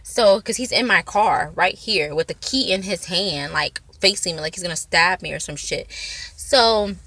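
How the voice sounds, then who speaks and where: Casual woman vlogger rambling through a story, lots of "you know", bright voice. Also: fairly low pitch, normal speed. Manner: rambling, filler-heavy, animated retelling.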